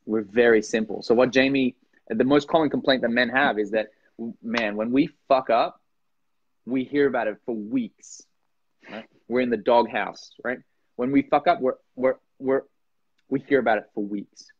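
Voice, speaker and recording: A man from Norway, a guest on a podcast, talks in a loose, animated way. He jumps up into playful voices when he acts things out. The recording is dry and close, with a slightly dull, lo-fi sound. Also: medium pitch, moderate pace, husky, no room sound. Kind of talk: casual conversation.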